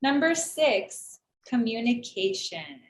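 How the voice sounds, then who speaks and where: A woman's voice: a little high, takes it slowly. A woman in her thirties co-hosting a casual podcast, telling stories with sarcasm and acting out the voices of other people. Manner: animated storytelling, acts out quoted voices, sarcastic. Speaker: podcast co-host. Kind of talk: casual chat. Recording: echoey room.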